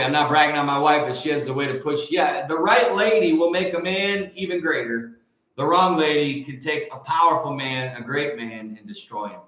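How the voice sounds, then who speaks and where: A man's voice: medium pitch, sharp tone. A man in his forties from Michigan, hosting a casual livestream, greeting viewers by name and rambling in a preachy way. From Michigan, USA. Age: 40s. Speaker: livestream host. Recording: very echoey room.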